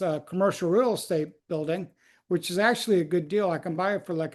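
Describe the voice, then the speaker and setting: A man's voice: high-pitched, a little mellow. Male host, casual webinar chat, rambling and friendly-paced. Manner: loose, chatty, lots of likes and ums.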